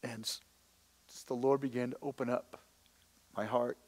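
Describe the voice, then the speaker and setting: A man teaching in a preaching style, impassioned, swinging between loud emphasis and hushed, confessional storytelling. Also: medium pitch, flat delivery, normal speed, in a large hall. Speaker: instructor.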